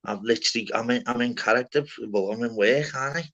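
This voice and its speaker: A man's voice: mid-range voice, fast, fairly bright tone. A man in casual chat who swears constantly, calls everyone lad and mate, and rambles bluntly. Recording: slightly dull lo-fi audio.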